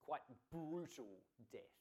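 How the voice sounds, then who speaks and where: A man's voice: a little high, lively intonation, slow pace, darkish tone. A man preaching a sermon in an earnest, emphatic way, asking rhetorical questions.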